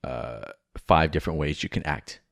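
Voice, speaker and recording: Deep-voiced man in casual podcast banter. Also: moderate pace, creaky, dry recording, studio quality. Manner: rambling, frank, swears freely, jokey. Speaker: podcast co-host.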